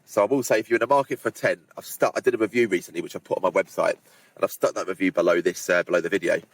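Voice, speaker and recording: A man's voice: low voice, very fast. A man vlogging outdoors on windy hills, chatting casually to the camera and speaking directly to his viewers. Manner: chatty, addresses viewers directly, relaxed asides. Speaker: hiking vlogger. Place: outdoors on windy fells at a campsite.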